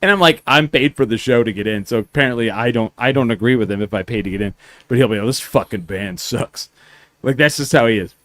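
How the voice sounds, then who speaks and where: A man's voice: mid-range voice, quick pace, fairly bright tone, dry recording. A man co-hosting a podcast, telling rambling anecdotes in casual chat and swearing freely. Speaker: podcast co-host.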